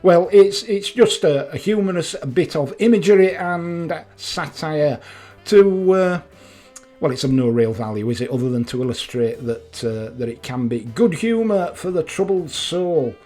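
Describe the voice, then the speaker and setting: A man's voice: fairly high pitch, lively intonation, unhurried, mellow. An older Yorkshire man vlogging about motorcycling, telling chatty, self-mocking jokes and laughing at them. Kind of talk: casual humorous monologue.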